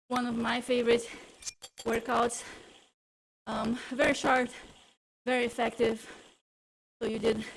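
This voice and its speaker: A winded woman coaches riders through a cycling workout, cueing effort and breathing as she pedals along. Her voice sits a bit high, with a gravelly fry and a husky edge. She keeps the encouragement steady. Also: low-quality recording. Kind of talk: coaching a live workout class.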